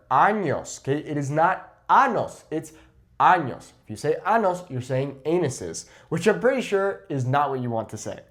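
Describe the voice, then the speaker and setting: A man teaching a Spanish lesson, explaining clearly and slowing down to model example phrases. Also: fairly high pitch. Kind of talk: language lesson.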